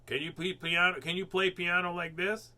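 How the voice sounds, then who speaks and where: A man voicing an excitable, show-off male toad who talks loudly and eagerly in a storybook read-aloud. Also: sits high, normal speed, voice pushed up. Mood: boastful. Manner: loud, eager, exclaiming. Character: boastful, excitable male toad, showy then anxious.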